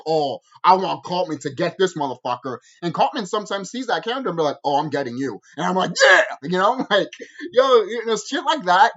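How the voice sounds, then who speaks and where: A man's voice: high-pitched, muffled recording. A man giving a casual, rambling video review, talking with heavy swearing and frequent laughter. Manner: animated, profane, laughs often.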